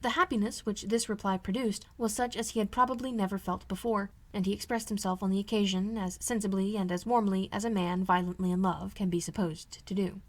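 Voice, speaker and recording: A woman reads a classic novel aloud as an amateur audiobook narrator. Her delivery is measured and steady. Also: mid-range voice. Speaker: audiobook reader.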